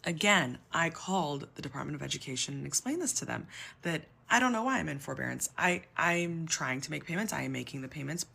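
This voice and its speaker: Exasperated young woman with gravelly fry. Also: sits low, expressive, brisk, bright, forceful tone. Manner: exasperated, emotional, near tears. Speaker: public sector worker telling her story. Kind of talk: personal story video.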